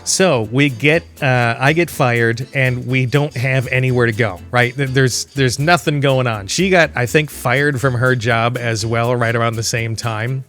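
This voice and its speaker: A man's voice: mid-range voice, steady tone, a little slow, few pauses, fairly bright tone. A man from Michigan hosting a gaming channel, telling a casual, rambling story with chuckles and restarts. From Michigan, USA. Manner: rambling, chuckling, self-correcting. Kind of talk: casual storytelling over gameplay. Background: faint video game music.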